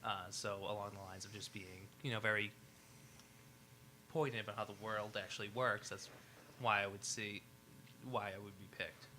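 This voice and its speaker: A man's voice: lowish voice, steady tone, moderate pace, long pauses, pushed and bright, slight background noise. A man playing a tabletop role-playing game, talking casually and eagerly about his character. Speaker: player.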